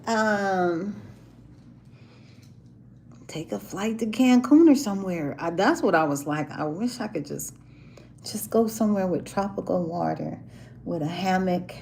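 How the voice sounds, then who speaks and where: A woman's voice: on the low side, lively intonation, measured pace, creaky, pauses often, a little mellow, slight background noise, low-quality recording. A woman hosting a casual live chat, talking with viewers, laughing often and acting out the voices of the people in her stories. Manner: chatty, laughs often, acts out quoted voices. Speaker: livestream host chatting with viewers. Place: hotel in a city, music from a band downstairs.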